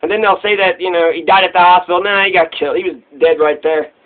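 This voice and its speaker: A man's voice: high-pitched, steady tone, fast. A man giving a rambling, profane casual monologue on recent news, often restarting his thoughts. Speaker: commentator. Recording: tinny phone-like recording.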